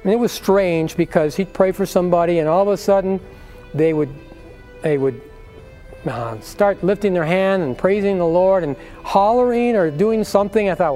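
A man's voice: sits high, moderate pace, mellow, soft background music. An older man giving an earnest personal faith testimony, acting out the voices of people in his story.

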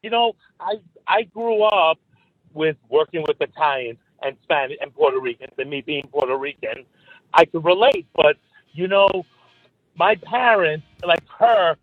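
A man with a New York accent calls in to a radio show, talking in a rambling, animated way and cutting off his own sentences. His voice sits high for a man. The call comes through a narrow, tinny phone line. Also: unhurried, no echo. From Bronx and Long Island, New York. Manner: rambling, animated, self-interrupting. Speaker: caller. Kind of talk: phone-in chat.

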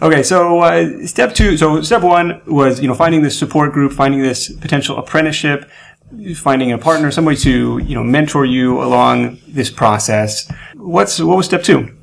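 A man hosting a podcast, interviewing his guest in a relaxed, playful way. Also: on the high side, normal speed, vocal fry. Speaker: podcast host. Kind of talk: casual interview chat.

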